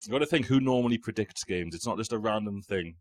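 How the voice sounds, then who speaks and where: A man's voice: on the low side, quick pace, no room sound. A man hosting a football quiz podcast in casual chat, reading out quotes and teasing the players. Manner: teasing, joking, reads quotes aloud and repeats them. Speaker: quiz host.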